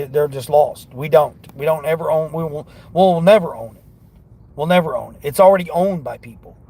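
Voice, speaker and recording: Gravelly man talking while driving. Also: a little high, darkish tone. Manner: earnest, rambling, motivational. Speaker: delivery driver vlogger. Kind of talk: casual talk while driving. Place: in a car.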